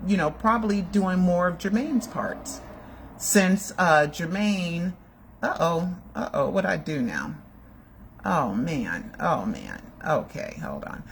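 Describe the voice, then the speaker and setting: A woman's voice: on the low side, slight background noise. A woman in her sixties hosting a casual video chat from her home, talking in a digressive, emotional way. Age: 60s. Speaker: video host. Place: home room.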